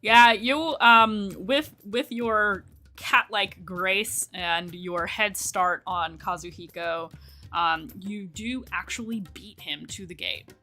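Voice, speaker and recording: A woman's voice: mid-range voice, slow, pushed and bright, soft background music. A woman narrating a tabletop game as game master, hesitant and full of fillers.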